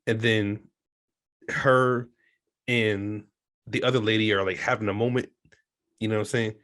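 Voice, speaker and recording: A man's voice: lowish voice, fairly even intonation, unhurried, fairly bright tone. Laid-back joking man on a podcast. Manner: laid-back, joking listener with short replies. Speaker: podcast co-host. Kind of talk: casual chat.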